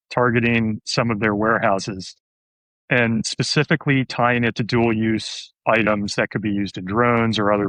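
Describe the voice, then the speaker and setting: A man's voice: lowish voice, a bit bright, no echo, low-quality recording. A man hosting a podcast, talking conversationally and putting questions to his co-host. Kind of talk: casual podcast chat.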